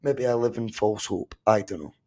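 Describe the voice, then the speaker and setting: A Scottish man hosting a live football watch-along podcast, chatting casually, reacting to the match and the chat with animated, sometimes sweary remarks. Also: lowish voice, moderate pace. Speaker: podcast host.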